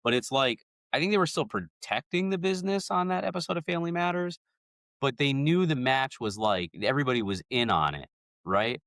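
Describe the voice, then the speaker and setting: A man's voice: mid-range voice, lively intonation, fairly quick, a bit bright, no room sound, clean studio sound. A man co-hosting a podcast, rambling his way through stories with lots of "like" and "you know". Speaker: podcast co-host. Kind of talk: casual chat.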